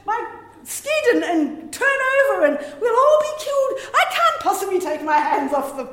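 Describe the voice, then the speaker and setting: A woman's voice: high voice, big pitch swings, normal speed. A woman voicing an exasperated farmer father, laughing through the words, in an echoey room.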